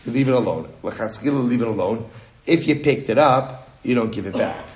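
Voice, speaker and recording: A man, a rabbi, teaching a daily Talmud class, reading Aramaic passages and explaining them in English with lively repetition. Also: medium pitch, a little fast, reverberant. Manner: animated, repeats phrases, reads Aramaic then explains in English. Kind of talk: daf yomi Talmud class.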